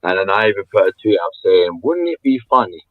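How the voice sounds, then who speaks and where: A man co-hosting a casual sports podcast, telling stories in an animated way. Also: low-pitched, quick pace, no room sound, narrow, tinny audio. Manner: animated storytelling. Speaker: podcast co-host. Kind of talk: casual chat.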